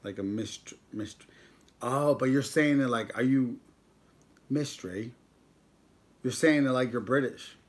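A man's voice: mid-range voice, moderate pace. A young man casually chatting with viewers on a live stream, joking around and reading out viewer names as he goes. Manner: joking, banters with chat, reads out viewer names. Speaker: mukbang vlogger on a livestream.

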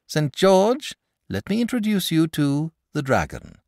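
A man's voice: on the high side, huge pitch swings, a little slow, a little mellow, dry recording, studio quality, pitched above the performer's own voice, full character voice. A man doing an eager, blunt little boy. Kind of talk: audiobook character voice.

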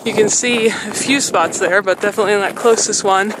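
Out on a snowy trail, a woman vlogs as she walks her dog, a little out of breath, chatting away and praising the dog again and again. Her medium-pitched voice stays steady and fairly quick against a noisy background.

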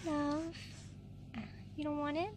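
A woman with a high voice films a casual vlog on a farm, talking in an unhurried way. She coos excitedly at the animals in baby talk. Outdoor noise and animal sounds come through clearly behind her on a handheld camera mic. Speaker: vlogger.

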